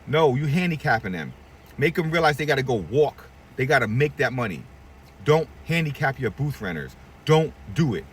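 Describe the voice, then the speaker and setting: A man's voice: medium pitch, big pitch swings, normal speed, recorded from a distance, a little hiss or hum. A middle-aged man who owns a barbershop, giving blunt, profane advice to other shop owners and acting out the people he quotes. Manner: blunt, profane, preachy, acts out quoted voices. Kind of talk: candid advice rant to camera.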